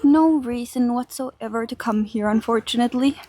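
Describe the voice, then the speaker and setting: A woman's voice: a little high, normal speed, warm tone. Chatty young woman from Finland, streaming. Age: young adult. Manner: chatty, laughs easily, talks to chat. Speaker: IRL streamer. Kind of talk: casual livestream chat while walking. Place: outdoors in a park. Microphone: handheld phone camera.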